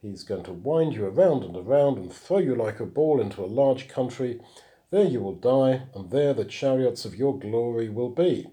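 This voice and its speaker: A man's voice: mid-range voice, animated, moderate pace, mellow. A man, teaching the Bible verse by verse, reading passages aloud and then explaining them. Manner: explanatory, reads scripture aloud then comments.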